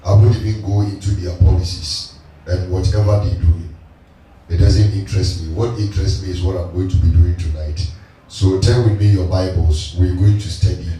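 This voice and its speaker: A man's voice: deep voice, warm tone, a little hiss or hum. Male pastor, call-and-response sermon teacher; echoey distant church sound with faint music. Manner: teaching call-and-response, repeating reader's lines.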